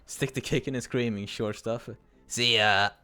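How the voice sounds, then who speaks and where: A man's voice: medium pitch, fairly even intonation, unhurried, sharp tone, smooth, faint music behind. A man reading as a cocky rowdy teen gambler. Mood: taunting.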